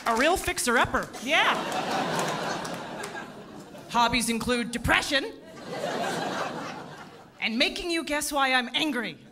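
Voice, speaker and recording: A woman in her thirties doing a stand-up set in a theatre, self-deprecating with deadpan punchlines. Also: high-pitched, takes it slowly, pauses often, over a noisy crowd, heavy background noise. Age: 30s. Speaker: stand-up comedian. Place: theatre stage at a comedy festival.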